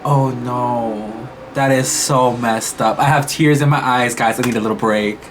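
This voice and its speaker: A man's voice: mid-range voice, steady tone, unhurried, noisy background. A young man reacting to a show episode, talking casually and emotionally with lots of exclamations and restarts. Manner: emotional, exclamatory, thinks aloud with many restarts. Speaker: reaction YouTuber.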